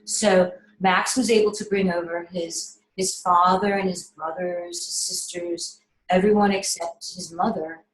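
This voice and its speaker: A middle-aged woman filmmaker telling stories casually on a video call, animated and full of restarts. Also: lowish voice, a little slow. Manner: animated, with frequent restarts and fillers. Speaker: filmmaker being interviewed. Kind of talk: casual conversational storytelling. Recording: echoey room on a video call.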